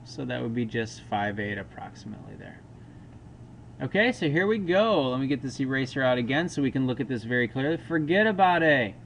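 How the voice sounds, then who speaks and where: A man's voice: medium pitch, expressive, brisk, vocal fry, fairly bright tone, a little hiss or hum. A man teaching a recorded math lesson, talking through each step aloud with casual asides.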